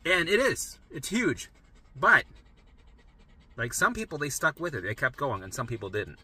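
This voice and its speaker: A man's voice: mid-range voice, expressive, normal speed, long pauses, sharp tone, breathy edge. A middle-aged man coaching listeners on recovery in an emphatic monologue, often tagging sentences with "right?" and swearing casually. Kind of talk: motivational monologue.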